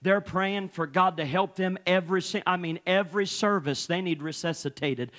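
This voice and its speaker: Pastor, man, high ringing voice, fervent sermon with constant "uh" fillers. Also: moderate pace, fairly bright tone. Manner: fervent preaching, every phrase opened with "uh".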